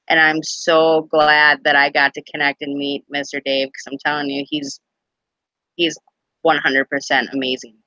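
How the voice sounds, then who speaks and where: Bright, giggly woman hosting a live chat. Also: low-pitched, no echo, highs cut off. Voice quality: giggly, rambling, lots of "like". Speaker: live stream host.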